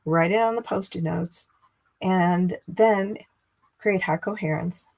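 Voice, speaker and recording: Slow and fairly low-pitched, this middle-aged spiritual teacher delivers a teaching talk. Her manner is chatty and expressive, and she lifts her voice when giving voice to inner dialogue.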